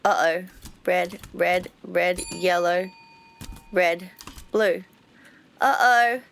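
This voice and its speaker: A woman's voice: fairly low pitch, very slow, a little hiss or hum. A woman streamer chatting casually while playing a game, reading its text aloud with playful asides.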